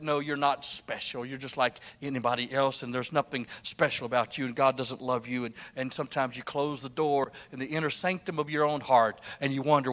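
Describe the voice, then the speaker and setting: Fervent male preacher, loud to whispered. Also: medium pitch, long reverb tail. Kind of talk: sermon.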